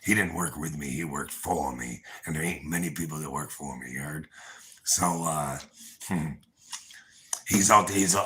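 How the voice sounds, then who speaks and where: A man's voice: sits low, normal speed, bright, forceful tone. A man livestreaming, rambling through a profane, boastful rant and talking straight to his viewers, with chuckles between. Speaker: livestream host.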